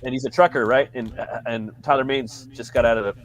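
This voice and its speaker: A man's voice: mid-range voice, fairly even intonation, brisk. A man co-hosting a casual movie podcast, telling stories in a rambling, profane way. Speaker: podcast co-host. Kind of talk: casual chat.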